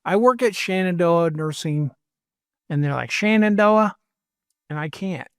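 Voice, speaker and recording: An animated man co-hosting a casual podcast, with a fairly high voice. He jokes around and keeps dropping into quick imitations. The sound is close and dry. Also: dry recording. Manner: animated, jokey, slips into voices and mimicry. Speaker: podcast co-host. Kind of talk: casual chat. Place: lives in Virginia.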